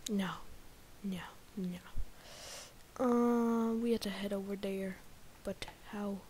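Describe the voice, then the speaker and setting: Excitable Indian woman gaming, muttering. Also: mid-range voice, slow pace, slight background noise. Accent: Indian English. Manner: excitable, mutters and whispers to herself between outbursts. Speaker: gamer. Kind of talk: let's-play commentary.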